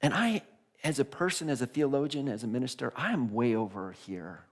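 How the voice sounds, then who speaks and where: A male minister giving a conversational sermon in a church, animated, often restarting phrases and laughing. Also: mid-range voice, normal speed. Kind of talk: casual sermon. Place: church sanctuary.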